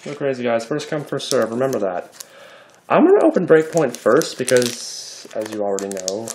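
A man hosting a casual card-opening video, chatty and excitable as he reads out card names. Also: mid-range voice, moderate pace, a little hiss or hum.

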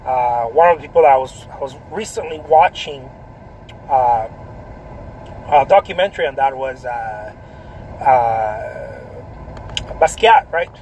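A man's voice: medium pitch, expressive, measured pace, pauses often, a little mellow, lo-fi sound, a little hiss or hum. A man, an artist, chatting casually about art, rambling, repeating himself and tagging lines with "right?". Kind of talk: casual vlog talk.

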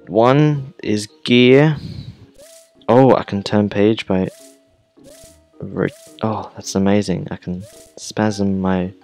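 A man's voice: fairly low pitch, creaky, darkish tone, rough recording. A young man giving casual let's-play commentary, thinking aloud and reacting to the tutorial as he plays. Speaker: gamer.

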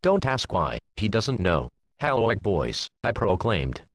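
A man narrating a comedic parody storybook in the first person, in a deadpan way full of crude jokes. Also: on the low side, measured pace, no room sound.

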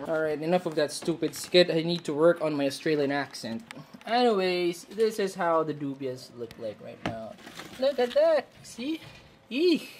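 A man's voice: on the high side, lively intonation, normal speed, slight background noise. A man vlogging in a room, joking crudely and mixing in Tagalog. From Philippines. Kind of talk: casual chat. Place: a room at home.

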